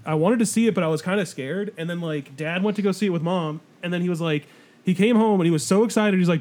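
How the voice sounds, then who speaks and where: A man's voice: high voice, fast, a little mellow. A young man co-hosting a podcast in casual chat, rambling and swearing freely. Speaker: podcast co-host.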